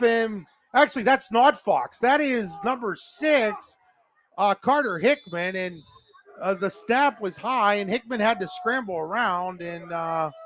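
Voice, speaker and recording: High-voiced excitable play-by-play man. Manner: quick, excitable calls with frequent fillers. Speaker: play-by-play announcer. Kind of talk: live football play-by-play commentary.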